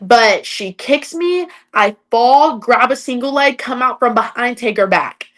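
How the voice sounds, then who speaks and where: A woman's voice: fairly high pitch, animated, measured pace, a bit bright. A young adult woman, an MMA fighter, chatting as a podcast guest and telling stories, with lots of "like" fillers. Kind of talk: casual interview storytelling.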